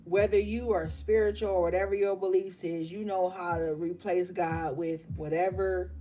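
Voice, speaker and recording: A woman's voice: fairly low pitch, fairly even intonation, normal speed, mellow. A woman hosting a live tarot reading stream, speaking with passion and emotion and swearing bluntly as she encourages her viewers.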